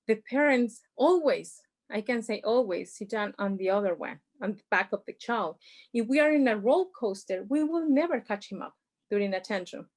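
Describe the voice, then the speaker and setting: Woman, workshop presenter on a video call; a bit higher pitch, talks through examples in plain, non-native phrasing. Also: animated, moderate pace, a little mellow. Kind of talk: informal presentation.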